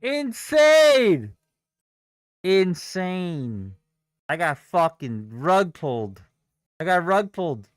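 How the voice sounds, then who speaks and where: Young male day-trader ranting on a live stream, swearing freely, voice swinging up and down, unhurried, recorded dry and close. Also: a little high, animated, dry recording. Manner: profane, exasperated outbursts.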